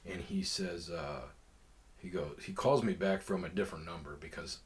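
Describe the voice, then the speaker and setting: A man's voice: low voice, normal speed. A man hosting a podcast, telling a long personal story in a rambling, profane way with lots of fillers. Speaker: podcast host. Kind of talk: casual storytelling.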